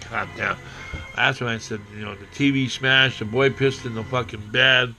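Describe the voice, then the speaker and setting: A man telling a rambling, profane personal story, acting out quotes and breaking into shouting. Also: medium pitch, fairly even intonation, moderate pace, faint music behind.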